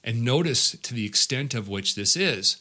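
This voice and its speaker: Bright-voiced man teaching a Bible passage. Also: mid-range voice, lively intonation, normal speed. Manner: explains verse by verse, repeats words. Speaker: pastor.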